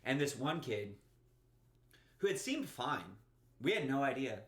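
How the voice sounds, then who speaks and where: A young man co-hosting a casual podcast, animated and laughing often as he tells a college story. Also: medium pitch, a little slow, reverberant. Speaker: podcast co-host. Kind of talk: casual chat, telling a story.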